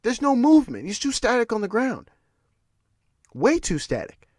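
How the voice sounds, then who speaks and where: A man's voice: very high voice, wildly swooping pitch, normal speed, no room sound, clean studio sound. A man hosting a podcast, ranting in casual solo commentary with restarts and repeated words. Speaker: podcast host.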